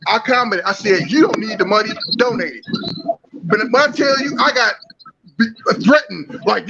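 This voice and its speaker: A man's voice: high-pitched, expressive, moderate pace, vocal fry, bright, forceful tone. A man on a livestream panel, talking in a heated, confrontational way and swearing freely. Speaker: panel guest. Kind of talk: casual livestream panel talk. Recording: muffled line with background noise.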